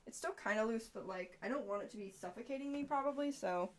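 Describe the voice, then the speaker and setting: A woman's voice: fairly high pitch, fast talker, a little hiss or hum. A woman streamer chatting casually and bluntly while she crafts, rambling with some swearing. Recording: voice a bit off-mic.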